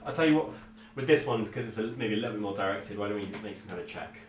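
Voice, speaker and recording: Game master, male, lowish voice, hesitant narration, heard from a distance in an echoey room with music behind. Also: very fast. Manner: hesitant, filler-heavy narration. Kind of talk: running a tabletop game.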